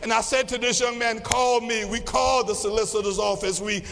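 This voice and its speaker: Male pastor, high gravelly voice, rhythmic sermon delivery, long hall reverb. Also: little pitch movement, a little fast. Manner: rhythmic preaching, swings from quiet to shouting.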